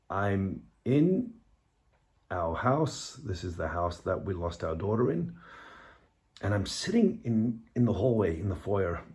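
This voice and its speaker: Bereaved father, low voice, slow delivery, reflective and halting, talking to camera at home. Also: a little mellow. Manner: halting, reflective, with restarts and pauses. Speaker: bereaved father sharing his story. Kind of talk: personal video monologue. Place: hallway of his home, indoors.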